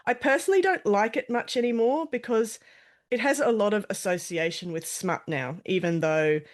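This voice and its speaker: A woman guest author talking casually in an interview, explaining things in a chatty way with frequent restarts and self-corrections. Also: on the low side.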